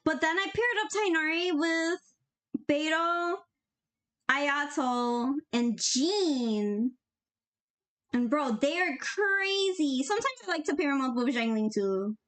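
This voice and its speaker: With a high, fairly bright voice that's animated yet slow-paced, a young woman animates on a live stream. She reads chat out loud and keeps up a bubbly, giggly, slangy casual conversation.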